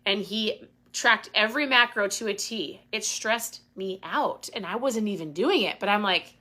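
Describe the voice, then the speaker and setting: A woman's voice: medium pitch, normal speed, pushed and bright. A woman hosting a casual live Q&A, talking with intensity and getting worked up. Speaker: host.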